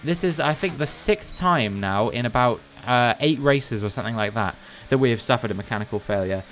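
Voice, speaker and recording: A man's voice: medium pitch, a little fast, slight background noise. Man commentating racing game with exasperated bursts. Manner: animated, frustrated outbursts between steady play-by-play. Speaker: gaming commentator. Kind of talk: recap commentary over racing gameplay.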